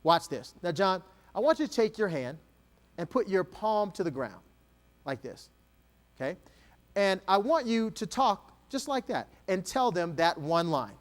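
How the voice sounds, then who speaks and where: A man's voice: sits high, very animated, a little slow. A man giving an interactive keynote talk on stage before an audience, energetically coaching a volunteer. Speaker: keynote speaker.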